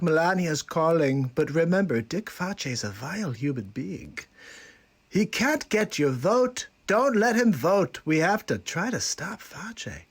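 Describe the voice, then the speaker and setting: Guy doing a blustery old president bit, high and bouncy, keeps saying he's gotta go. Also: slightly rough, heavily acted. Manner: blustery, repetitive, hurried. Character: boastful older male president impression. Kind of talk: comic celebrity impression on a livestream.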